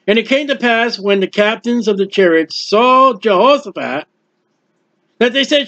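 A man preaching a Bible sermon, high-pitched and animated as he acts out the characters. The recording sounds dull and lo-fi. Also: measured pace. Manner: animated, acts out biblical characters, quotes scripture.

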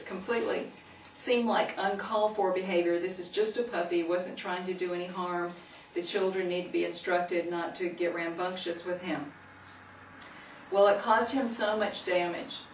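A woman giving a Christian teaching, earnestly telling a story and gently urging her listeners. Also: medium pitch. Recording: echoey room, mic at a distance, faint noise.

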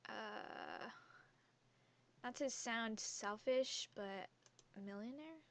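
A woman's voice: on the high side, extremely slow, gravelly. A teenage girl gaming YouTuber who chats casually and giggles as she reads quiz questions aloud and answers them, talking into a headset mic hung around her neck. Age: teens. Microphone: headset mic worn around the neck.

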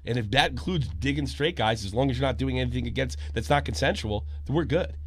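A man in his forties hosting a podcast, telling a story and ranting with constant swearing, dropping low and then shouting. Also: expressive, fast, a little hiss or hum. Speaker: podcast host. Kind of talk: profane commentary rant.

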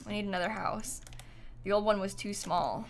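A woman's voice: mid-range voice, moderate pace, slight background noise. A young woman in her twenties chatting casually while streaming a building game, telling stories with lots of giggles. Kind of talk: casual livestream chat while gaming.

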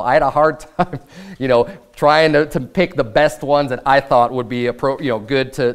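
Clear-voiced American man preaching a sermon. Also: medium pitch. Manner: preaching with rising intensity, reading scripture aloud. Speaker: pastor.

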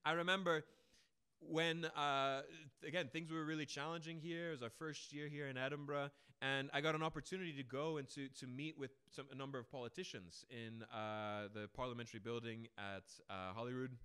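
A young man preaching a sermon, telling stories emphatically and dramatically, with big swings in loudness. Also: medium pitch, fairly even intonation, brisk, smooth.

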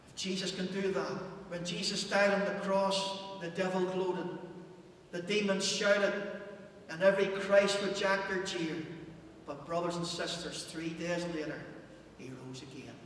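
A male pastor preaching a passionate sermon in a church, surging loud and then falling almost to a hush. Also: high-pitched, level tone, a little slow. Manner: impassioned preaching, rising and dropping to near hush. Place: church hall. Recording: echoey church hall, distant mic, faint hum.

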